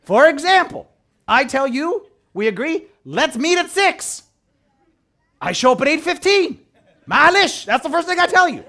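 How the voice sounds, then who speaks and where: A man preaching a sermon as a priest. He talks in an animated way, acts out the voices he quotes and swings from loud to hushed. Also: very high voice, moderate pace.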